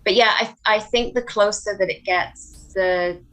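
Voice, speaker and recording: A woman talking as a podcast guest, her voice mid-pitched. She speaks earnestly and hesitantly, often breaking off and restarting her sentences. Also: steady tone, a little slow, fairly bright tone, rough recording. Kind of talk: casual chat.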